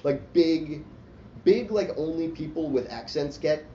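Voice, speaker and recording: A man whose voice is on the high side, a little slow and dark tells a long, profane story in casual chat. He rambles, mocks himself and says "like" constantly, and the recording is roomy and dull lo-fi with faint hiss.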